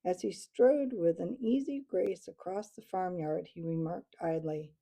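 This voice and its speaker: A woman reads a storybook aloud at an unhurried, measured pace. Her voice is dark and mellow, with a husky, gravelly texture running beneath the narration. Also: fairly low pitch. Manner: measured, steady reading. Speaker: audiobook reader.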